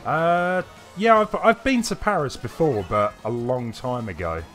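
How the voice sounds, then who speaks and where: A man's voice: mid-range voice, unhurried, a bit bright. A man chatting casually on a live game stream, answering viewers in a rambling way with frequent hesitations. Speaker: gaming streamer. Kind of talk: casual live-stream commentary reading chat. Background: faint game music.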